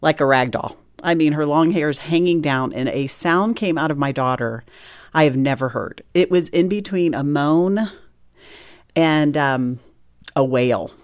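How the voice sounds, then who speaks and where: A woman's voice: deep voice, a little slow, no echo, studio quality. A middle-aged woman, a mother, telling her story in an earnest, reflective way during an interview and laughing now and then between lines.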